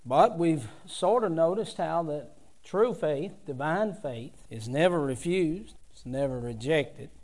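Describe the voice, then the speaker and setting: A man delivering a sermon, his voice sitting a bit high for a man. He speaks slowly and deliberately, then climbs into emphatic bursts as he reads scripture. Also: expressive, a little mellow. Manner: rising to emphatic bursts when reading scripture. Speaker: preacher.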